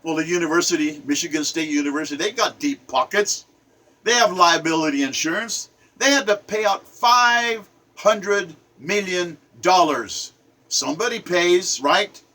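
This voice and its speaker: A man delivers an impassioned, angry rant to camera as a poet, alternating between loud outbursts and low murmurs at a normal speed.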